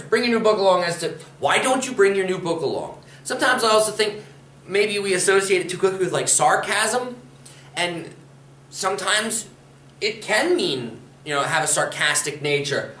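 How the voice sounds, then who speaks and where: A man's voice: high voice, lively intonation, normal speed, sharp tone, a little hiss or hum. A man from Pennsylvania teaching a spoken language lesson, explaining patiently and repeating example phrases. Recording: roomy echo.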